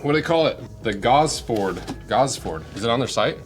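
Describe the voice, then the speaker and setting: A man's voice: mid-range voice, lively intonation, moderate pace, over music. An American man reviewing boots in a casual unboxing, thinking aloud and asking himself questions as he goes. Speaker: boot reviewer.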